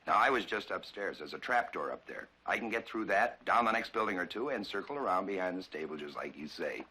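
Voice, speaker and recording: An actor playing a grim, determined frontier lawman in a TV western, speaking steadily and resolutely with a husky voice. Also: low voice, animated, brisk, sharp tone, exaggerated voice. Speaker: lawman holding a prisoner. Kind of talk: 1960s TV western acting.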